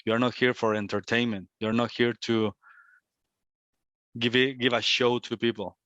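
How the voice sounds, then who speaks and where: A man's voice: medium pitch, flat delivery, normal speed, a bit bright, dry recording. Reflective male spiritual teacher, dry sound. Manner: reflective, repetitive phrasing. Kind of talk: satsang talk. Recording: dull, lo-fi, dry.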